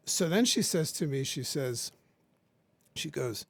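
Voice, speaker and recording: A man in his forties, guesting on a podcast, tells an intense, emotional personal story and acts out both sides of remembered conversations. His medium-pitched voice is a bit bright and slightly rough, with lively intonation at a normal speed, and there is no echo.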